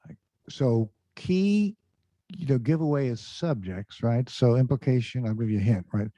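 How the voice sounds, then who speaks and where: A man's voice: medium pitch, moderate pace, warm tone, no echo. A man giving an online presentation in a conversational tone, full of fillers, quizzing his audience over a video call. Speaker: career speaker. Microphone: computer mic on a video call. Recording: dull lo-fi video call audio.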